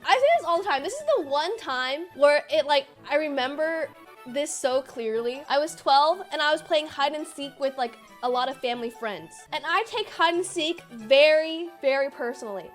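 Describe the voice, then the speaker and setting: Young woman streamer in her twenties, high and bubbly, rapid casual chatter with faint music underneath. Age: 20s. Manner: bubbly and chatty, lots of "like" and quick asides. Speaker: streamer answering viewer questions. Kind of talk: casual Q&A vlog.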